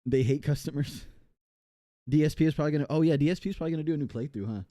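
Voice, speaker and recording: A man's voice: a little high, very fast, dark tone, no echo, clean studio sound. A man from the United States chatting casually on a live game stream, rambling and reading chat aloud with many fillers.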